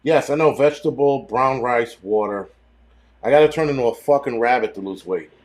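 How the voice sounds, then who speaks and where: A man's voice: medium pitch, a little fast. Profane rambling man chatting casually. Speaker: host. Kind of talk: casual livestream chat.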